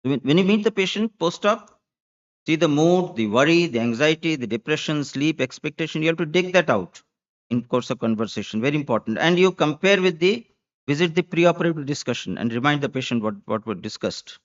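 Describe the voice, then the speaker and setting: A man's voice: fairly high pitch, lively intonation, a little fast, muffled recording. A man giving a medical conference lecture as a spine surgeon, emphatic and listing points, repeating key words for stress.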